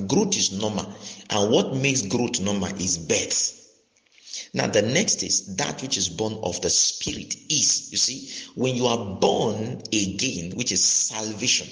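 Low-voiced man preaching a sermon. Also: fairly bright tone, poor audio. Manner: repeats key phrases, checks in with listeners.

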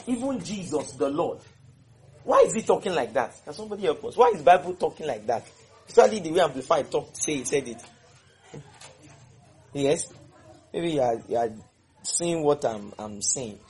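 Husky guy teaching bible study, voice swings up and down a lot, keeps quizzing people. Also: fairly high pitch, moderate pace, pauses often. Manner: animated, repeats verses and quizzes listeners.

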